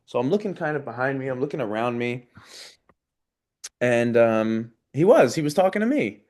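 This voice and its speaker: A man's voice: mid-range voice, expressive, normal speed, a little mellow. Earnest man telling his story. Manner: earnest, talks through his thoughts with restarts. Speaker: interview guest, competition show contestant. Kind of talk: casual interview chat.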